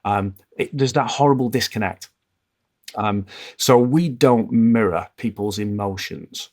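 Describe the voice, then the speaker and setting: A man speaking as a podcast guest, telling stories in a calm, smooth, measured way with frequent restarts. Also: lowish voice. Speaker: podcast guest, former hostage negotiator. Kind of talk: conversational interview storytelling.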